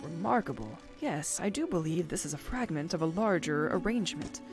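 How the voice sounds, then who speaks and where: A woman reading out the lines of a scholarly male trader in a fishing game, lowering her voice a little. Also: sing-song, over music. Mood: musing. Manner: measured, formal reading. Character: scholarly old male trader, calm and curious.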